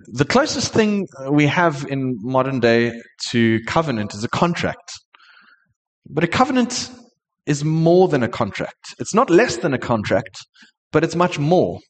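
Earnest pastor preaching in a reverberant hall. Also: male voice, medium pitch, very animated, normal speed. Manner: earnest, sincere, with frequent hesitations. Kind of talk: sermon. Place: church hall.

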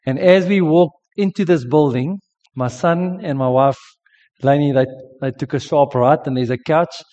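A man's voice: on the high side, moderate pace, mellow, long reverb tail, dull audio. A South African man in his forties, sick with a sore throat, telling an earnest sermon story with frequent restarts. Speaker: preacher. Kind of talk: sermon testimony.

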